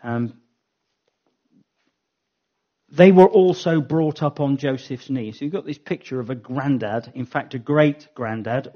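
A man giving a Bible teaching talk, thinking aloud and correcting himself as he goes. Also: mid-range voice. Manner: thinking aloud, frequent ums and self-corrections. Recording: dull lo-fi recording.

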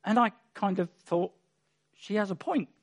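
Male Bible teacher, high-pitched, emphatic conversational preaching with dry humour. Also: normal speed. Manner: emphatic, with wry asides and chuckles. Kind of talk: conversational sermon.

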